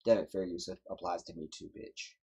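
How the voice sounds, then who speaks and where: A man's voice: low voice, steady tone, brisk, mellow, slightly rough. A man hosting a livestream, giving emphatic, preachy commentary and repeating his points for effect. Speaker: livestream host.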